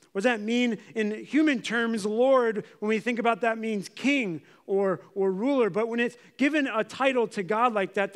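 A male pastor with a high voice gives a sermon in a church. He speaks in a casual, conversational way and often stops to ask his listeners questions. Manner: conversational, uses props and questions the congregation.

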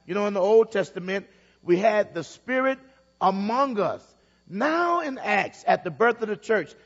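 High-voiced preacher in an echoey hall. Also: male voice, highs cut off. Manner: storytelling preacher, repeats phrases, builds emphasis. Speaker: pastor. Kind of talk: sermon.

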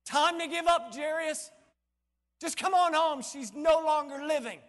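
A man's voice: high-pitched, lively intonation, unhurried, pushed and bright, big-room sound, heavily acted. A man preacher voicing a blunt male messenger who brings bad news, speaking in a raised, urgent, dismissive way.

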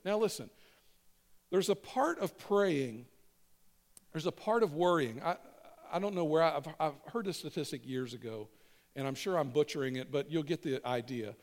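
In a conversational sermon, a male pastor guides the congregation through call-and-response, saying lines for them to repeat. His voice is a little high and expressive, at a moderate pace.

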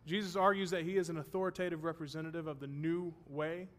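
A man's voice: a little high, steady tone, fast. A man teaching a Bible study class, explaining terms and checking that his students follow, with the odd self-deprecating joke.

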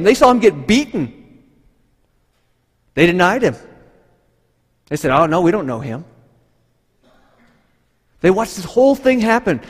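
A man preaching with a fairly high voice and lots of animated storytelling, acting out the people in his story. His voice rings on with a long reverb, as if in a large hall. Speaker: pastor. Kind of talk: sermon.

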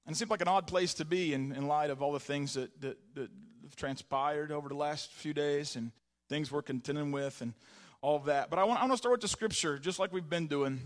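A man with a high voice delivers a church sermon. He starts halting and soft-spoken, full of restarts, then climbs into fervent, emphatic preaching. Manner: rambling, many restarts, rising to fervent emphasis. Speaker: pastor.

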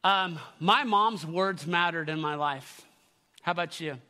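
A man's voice: fairly high pitch, unhurried, pushed and bright, in a large hall. A middle-aged man preaching a sermon to his church, earnest and calling out to the congregation. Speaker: pastor. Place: church sanctuary.

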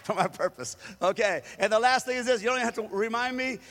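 High-voiced preaching pastor in a reverberant hall. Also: male voice, fast talker, fairly bright tone. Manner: emphatic preaching, calls for congregation to repeat after him. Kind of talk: sermon.

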